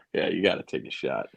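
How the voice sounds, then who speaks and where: A man's voice: low voice, gravelly, breathy edge, no echo. A man co-hosting a casual show, reacting with laid-back chuckles and dry quips. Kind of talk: casual chat.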